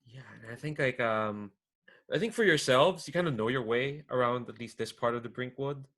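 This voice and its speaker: A man's voice: mid-range voice, moderate pace, fairly bright tone. A man narrating as game master of a tabletop game, rambling with many fillers.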